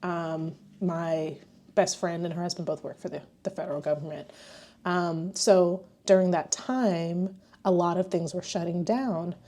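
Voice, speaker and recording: A young woman vlogging a casual recap of her year in a chatty, animated way, with filler words throughout. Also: lowish voice, a little slow. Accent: Southern American. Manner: chatty and animated, says "like" a lot.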